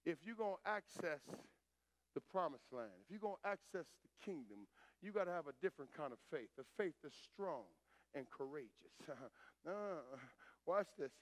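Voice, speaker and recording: A man preaching a sermon as pastor, swinging between hushed lines and shouted calls to the congregation. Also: fairly high pitch, no room sound. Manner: call-and-response preaching, rising to shouts.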